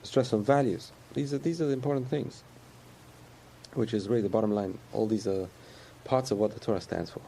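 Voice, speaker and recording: A man's voice: on the low side, a little fast, warm tone, slight background noise. A man giving a conversational sermon about faith, repeating phrases and chuckling often.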